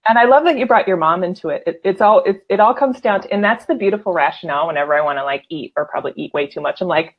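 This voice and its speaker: A woman's voice: on the low side, fast, hardly any pauses, muffled recording. A woman hosting a casual live-stream talk show, laughing often and reading out viewer comments. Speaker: host.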